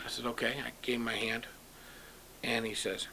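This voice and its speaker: A man's voice: medium pitch, moderate pace, gravelly, a little hiss or hum. A middle-aged man from Youngstown, Ohio, a painter, telling personal stories in a documentary interview and acting out the voices of people he quotes. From Youngstown, Ohio, USA. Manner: animated storyteller, acts out quoted dialogue. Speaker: painter and comic book writer interviewed.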